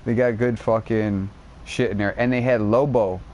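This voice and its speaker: Excitable, profane male game streamer. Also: on the low side, normal speed, lo-fi sound, a little hiss or hum. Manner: profanity-laden, excitable storytelling, heavy slang. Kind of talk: rambling casual chat.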